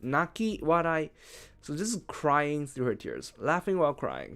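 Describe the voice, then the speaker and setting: A man working through a translation out loud in a casual, chatty way, thinking as he goes. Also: fairly high pitch, wildly swooping pitch, a little slow, creaky. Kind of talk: casual live-translation commentary.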